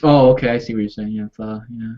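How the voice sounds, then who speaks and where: A man's voice: on the low side, steady tone, quick pace, dull audio. A man with a New York accent, co-hosting a casual discussion on a video call, talking hesitantly and repeating his words. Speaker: co-host.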